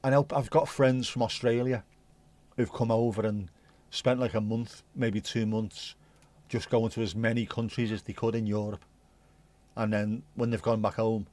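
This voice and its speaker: A man's voice: fairly low pitch, little pitch movement, moderate pace, a little mellow. A man hosting a casual livestream, rambling and chatty, swearing casually and humming little tunes. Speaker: livestream host.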